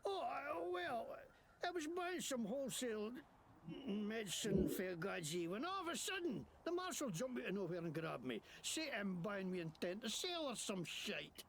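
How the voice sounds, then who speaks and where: A man's voice: sits high, big pitch swings, moderate pace, a crowd in the background. A man voicing a shifty male wasteland mechanic in a video game, talking in a put-on Scottish brogue, rambling and indignant.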